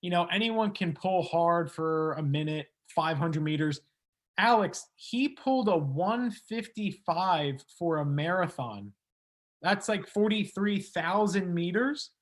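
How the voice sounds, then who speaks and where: An enthusiastic man with a high voice co-hosts an interview show. He chats eagerly and speaks in quick bursts. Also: lively intonation. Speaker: podcast co-host.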